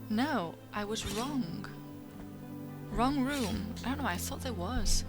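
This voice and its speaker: A woman's voice: a little high, lively intonation, takes it slowly, over loud music. A woman playing a video game and talking casually over it, chatty and self-mocking, now and then swearing at the game. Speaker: gaming video host. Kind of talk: casual let's play commentary.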